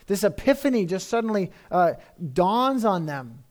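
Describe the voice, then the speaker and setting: A man's voice: high voice, very animated, normal speed, darkish tone. A man preaching a sermon in a conversational, emphatic way, often repeating phrases for effect.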